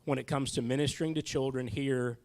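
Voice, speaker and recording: A man's voice: medium pitch, fairly even intonation, brisk, a little mellow. A man who teaches a church Bible class, leading the discussion in a casual, friendly way with stumbling restarts.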